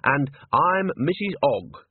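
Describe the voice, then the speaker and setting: A man voicing a shrewd, bossy old woman who talks in a brisk, coaxing, no-nonsense way. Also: a little high, sing-song, husky, no echo, pitched above the performer's own voice, exaggerated voice. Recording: tinny phone-like sound.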